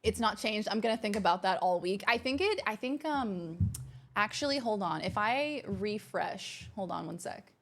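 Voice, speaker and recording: Her voice sits in the mid range and is expressive as she hosts a livestream from home. Chatting casually in her streaming room, she reads out viewer messages with bubbly enthusiasm and quick exclamations.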